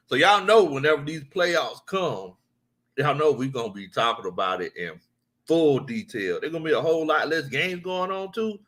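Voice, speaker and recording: A man runs a loose sports livestream. His voice sits fairly high and bright, with a lively rise and fall. He jokes, laughs a lot and says things twice. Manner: laughs often, loose and joking, repeats phrases. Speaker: sports talk host reading viewer comments. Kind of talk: casual livestream sports chat.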